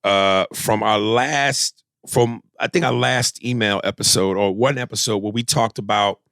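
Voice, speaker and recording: A man hosting a comedy podcast, brash and profane, talking in an animated comic way. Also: fairly low pitch, unhurried, dry recording. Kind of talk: casual comedy podcast chat.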